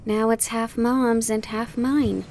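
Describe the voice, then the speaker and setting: A woman voicing a spirited, proud teenage witch girl in an audiobook, with a lively, emphatic manner. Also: on the high side, slow pace, slight background noise, voice pushed up. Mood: resolute. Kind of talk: audiobook character voice.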